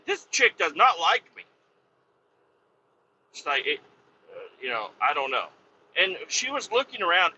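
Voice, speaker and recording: Rambling, exasperated man, bright tense voice. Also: a little high. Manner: rambling, exasperated, swears freely. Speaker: podcast host. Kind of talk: casual storytelling monologue. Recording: dull, slightly lo-fi sound with faint noise.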